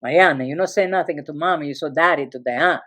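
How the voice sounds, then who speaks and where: A man's voice: fairly high pitch, fast talker, fairly bright tone, voice pushed down. A woman voicing her immigrant father, a blustery, flirtatious man speaking broken English. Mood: coaxing.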